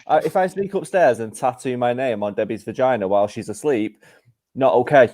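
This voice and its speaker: A man explains his point step by step in a dry, deadpan manner during a podcast chat. His voice is mid-pitched. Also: brisk. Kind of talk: casual group chat.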